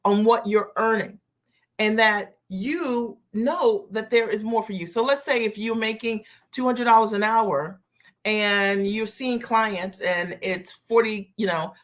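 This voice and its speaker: A woman business coach hosting a live stream, greeting viewers by name and repeating her key phrases slowly for emphasis. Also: mid-range voice, fairly bright tone.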